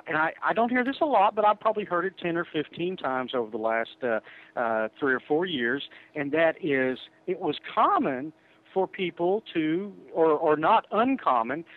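A man's voice: fairly high pitch, lively intonation, normal speed. Rambling man on tinny radio audio. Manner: rambling storyteller with many fillers and restarts. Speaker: guest who verifies insurance applications. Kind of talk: casual radio chat.

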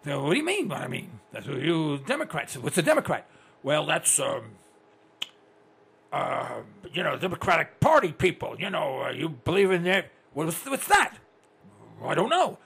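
An older man hosting a talk radio show, ranting in a blunt, excitable monologue. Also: on the high side, moderate pace, creaky, slightly rough. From United States.

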